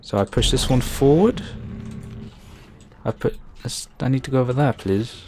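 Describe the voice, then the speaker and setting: A man commentating on his own gameplay in a casual, joking way. He swears freely and gets loud and frantic when things go wrong, at an ordinary middle pitch. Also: moderate pace, slight background noise. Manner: jokey, swears a lot, panics loudly when scared. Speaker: let's play gamer.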